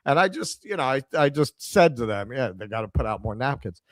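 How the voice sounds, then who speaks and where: A middle-aged man with a New York accent, co-hosting a casual chat and telling a story with animated quoted dialogue. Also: medium pitch, brisk, dry recording. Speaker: podcast co-host.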